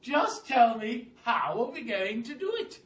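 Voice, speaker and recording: A man's voice: extremely high pitch, big pitch swings, a little slow, voice pushed up, exaggerated voice. A man voicing a posh, confident roly-poly bird with a haughty manner. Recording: echoey room, mic at a distance.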